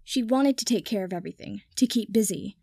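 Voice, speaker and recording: A woman's voice: medium pitch, a little fast, vocal fry, dark tone, husky, dry recording, clean studio sound. A woman voicing a sour, curt young nobleman who speaks in clipped lines.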